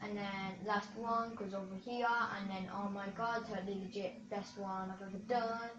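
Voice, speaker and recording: Excitable woman, roomy and distant. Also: mid-range voice, moderate pace, background noise. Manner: chatty and excitable, with sudden cheers and yelps. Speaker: gaming video creator. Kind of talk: live gameplay commentary. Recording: roomy, distant, dull lo-fi sound.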